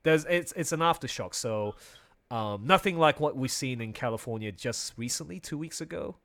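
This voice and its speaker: A young man telling a personal story in casual conversation, animated, often laughing and restarting his sentences. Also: mid-range voice, moderate pace.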